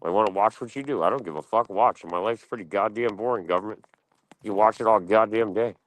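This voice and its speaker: A man's voice: fairly low pitch, brisk, no room sound, rough recording. A man streaming, ranting casually in a blunt, profane and boastful way.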